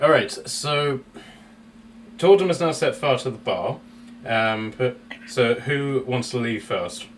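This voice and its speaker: A man runs a tabletop game as dungeon master in an easygoing, chuckling way, halting on fillers as he goes. He sits back from his microphone, and faint background noise hangs under his mid-pitched voice. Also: recorded from a distance. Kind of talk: running a tabletop game over a call.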